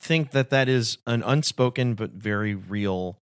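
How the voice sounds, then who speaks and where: A man's voice: fairly low pitch, unhurried, clean tone, dry recording, studio quality. A man co-hosting a film podcast who lays out comparisons in an articulate, analytical way. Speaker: podcast co-host. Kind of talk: casual film discussion.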